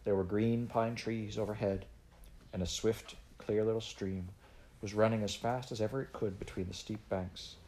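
A man reading a children's novel aloud in an unhurried, gently expressive way. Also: fairly low pitch. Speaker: audiobook reader.

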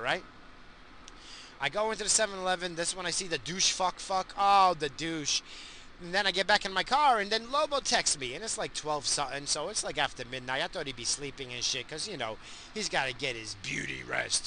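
Ranting vlogger type, man in his 40s, piercing bright tone, pitched a touch high, crude and loud, talking from his car. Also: slight background noise. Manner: crude, ranting, yells at other drivers. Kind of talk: casual profane rant. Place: inside a car.

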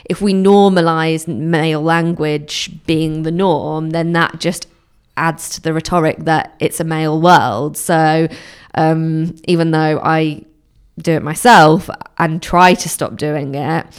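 Low-voiced chatty woman, smooth tone. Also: steady tone. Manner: frank, chatty, quick asides. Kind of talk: casual chat.

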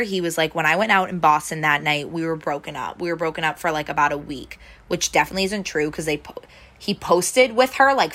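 Bright-voiced young woman retelling gossip. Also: sits low. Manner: chatty, full of "like" fillers, acts out quoted lines. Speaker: storyteller. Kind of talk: casual chat.

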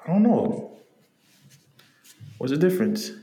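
A man's voice: a little high, unhurried, gravelly, reverberant. A young man co-hosting a podcast, telling a story in casual slang and acting out what people said. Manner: animated slangy storyteller, acts out quotes. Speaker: podcast co-host.

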